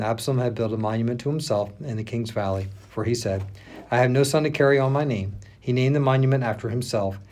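A man, a pastor, reading scripture aloud in a steady manner with small restarts. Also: mid-range voice.

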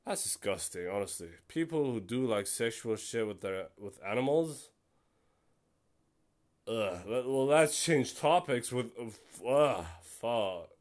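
A man's voice: medium pitch, lively intonation, slow pace, a little mellow. A young man hosting a casual solo podcast, rambling and self-deprecating with many fillers. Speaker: podcast host.

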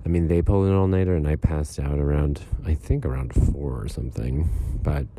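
Very deep, dark-voiced young man. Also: slight background noise. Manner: relaxed, unhurried, meandering. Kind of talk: casual personal audio diary. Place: outdoors on a wide fire escape in the morning.

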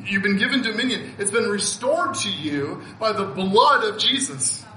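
A man in his fifties delivers a heartfelt sermon, laughing often and repeating words as he presses his point. His voice sits high and very bright. The hall around him rings with echo and a faint hum of ambience. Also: expressive, moderate pace. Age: 50s. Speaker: pastor.

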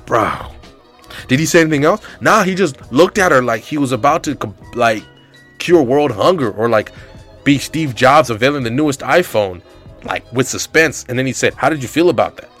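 Young adult man, mid-pitch, casual comic storyteller who rambles and piles on filler words. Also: normal speed, faint music behind. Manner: rambling, animated, heavy use of filler words.

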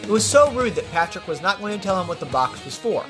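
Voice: mid-range voice, very animated, fast talker, over music. A podcast storyteller retelling legends, breaking in with casual asides to the listener. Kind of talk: storytelling narration.

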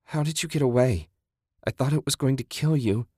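A man's voice: fairly quick, darkish tone, slightly rough, no room sound, lightly acted. A man voicing a frightened young woman who shrieks and wails in fear. She sounds frantic and close to tears. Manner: frantic, shrill and tearful. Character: terrified young woman in a monster attack.

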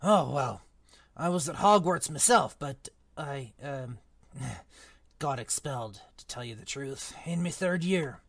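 A podcast reader voicing a big, gruff male half-giant gamekeeper in a book club read-aloud, with rough country speech and loud bursts. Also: mid-range voice, lively intonation, takes it slowly, no room sound, exaggerated voice. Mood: rueful chatty.

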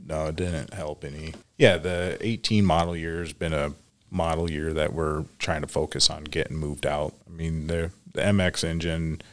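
A man's voice: a bass voice, fairly even intonation, moderate pace. A man in a casual work chat, answering in a plain, matter-of-fact way.

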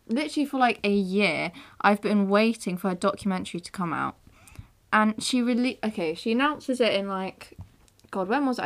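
A teenage woman hosting a casual podcast, giggly, excitable and easily flustered. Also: medium pitch. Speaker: podcast host. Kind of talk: casual chat.

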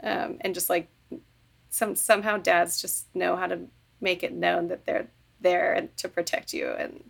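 A woman's voice: lowish voice, level tone, unhurried, gravelly. A young woman co-hosting a podcast in casual chat, talking in an effusive way with trailing phrases. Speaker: podcast co-host.

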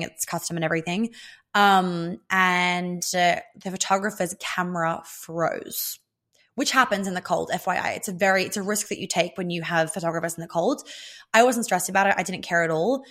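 Chatty young woman, lowish voice. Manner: excited, rambling, swears casually. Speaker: vlogger. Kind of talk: casual storytelling.

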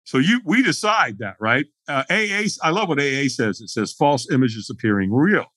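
A middle-aged man with a husky, bright-edged voice, fairly high for a man. He tells stories animatedly as a podcast guest, acting out both sides of the conversations. The sound is dry and close to the mic. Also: moderate pace, no room sound. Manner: animated storyteller acting out dialogue. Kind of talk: podcast interview storytelling.

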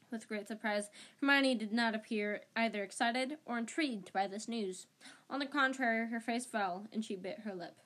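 A woman's voice: on the high side, normal speed, a bit bright. Woman reading a story with small slips. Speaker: audiobook reader. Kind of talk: amateur audiobook narration.

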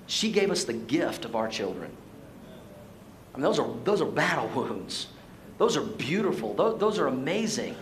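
A man's voice: mid-range voice, very animated, normal speed, echoey room, a little hiss or hum, poor audio. A man preaching a sermon as pastor to his church, playful and joking, then pressing his points with emphasis. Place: church sanctuary.

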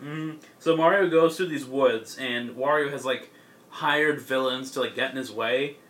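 Young guy rambling thru a plot recap, lots of "like" and um, bright voice. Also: mid-range voice, measured pace. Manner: rambling, filler-heavy, laughs often. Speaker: podcast co-host. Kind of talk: casual chat, recapping a comic.

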